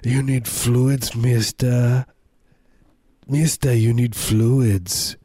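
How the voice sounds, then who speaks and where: A man's voice: mid-range voice, steady tone, extremely slow, warm tone, husky, no room sound. A man voicing a shuffling old German man in a put-on German accent, stern and insistent.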